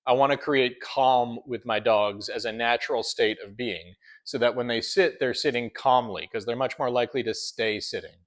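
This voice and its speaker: A man's voice: medium pitch, fairly bright tone. Man explaining dog training, plain mid voice. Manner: explanatory, frequent "right?" check-ins. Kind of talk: instructional talk.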